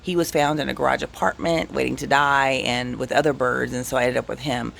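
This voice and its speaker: On his vlog, a man with a medium-pitched, brisk voice and some vocal fry tells loose, animated anecdotes. He keeps cutting himself off and starting over. A faint hiss or hum sits under the recording.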